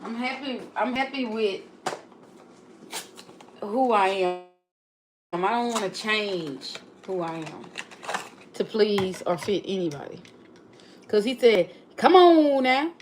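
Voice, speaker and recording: A woman's voice: mid-range voice, takes it slowly, long pauses, noisy background. A woman with a regional accent chatting casually on a livestream, reflective and often repeating and restarting her phrases. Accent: non-local regional accent. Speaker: livestream host.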